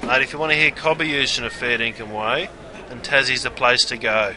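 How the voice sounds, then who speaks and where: A man's voice: mid-range voice, fairly even intonation, brisk, over music, close to an everyday voice. A man playing a matey Aussie barman. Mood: chummy. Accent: Australian. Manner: slangy, matey, folksy banter. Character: brash, chummy Aussie barman, grown man. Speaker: pub barman guide. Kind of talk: scripted character narration.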